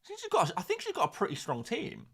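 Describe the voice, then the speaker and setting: A man's voice: high-pitched, quick pace. Sarcastic young man ranting on stream. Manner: sarcastic, rambling, animated. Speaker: fantasy football streamer. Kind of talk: casual live-stream chat.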